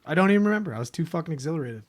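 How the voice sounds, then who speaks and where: A man's voice: fairly high pitch, expressive. A man co-hosting a podcast, bantering with enthusiasm and cursing often. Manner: quick, profane, enthusiastic. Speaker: podcast co-host. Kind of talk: casual banter.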